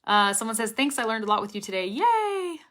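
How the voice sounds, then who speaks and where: A woman's voice: mid-range voice, fairly even intonation, rapid-fire, sharp tone. Upbeat young woman teacher chatting on a livestream, reads out viewer comments. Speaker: English pronunciation teacher. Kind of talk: live stream Q&A lesson.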